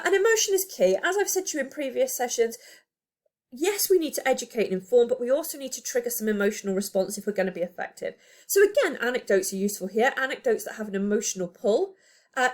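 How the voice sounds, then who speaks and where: Woman teacher talking to students, high voice, bouncing all over the place, lots of questions to the class. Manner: animated, emphatic explaining with rhetorical questions. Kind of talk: recorded lesson for pupils.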